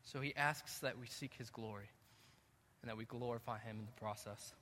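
A male pastor preaching a sermon in a church, moving between calm teaching and loud, emphatic passages. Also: mid-range voice, moderate pace, slight background noise. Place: church sanctuary. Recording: echoey hall reverb.

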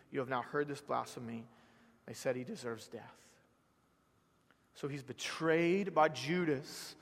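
Gravelly Southern pastor preaching in a hall. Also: male voice, mid-range voice. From South Georgia, US. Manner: swings from hushed to loud and rising, repeats words for emphasis. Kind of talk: sermon.

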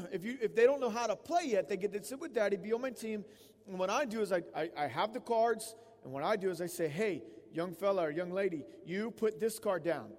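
A man in his thirties preaching an expository sermon in a conversational, emphatic way, often tossing in quick "right?" asides. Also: high-pitched. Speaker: pastor. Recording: long reverb of a large hall.

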